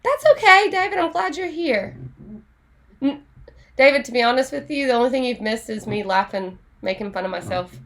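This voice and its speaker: A woman teaching an online Spanish class in a chatty, animated way, laughing often. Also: on the high side, moderate pace.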